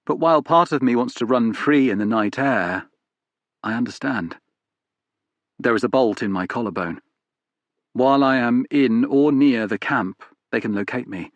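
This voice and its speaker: A man reading a novel aloud in first person, in a measured, even storytelling manner. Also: mid-range voice, no room sound, dull audio. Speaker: audiobook narrator. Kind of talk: first-person scripted narration.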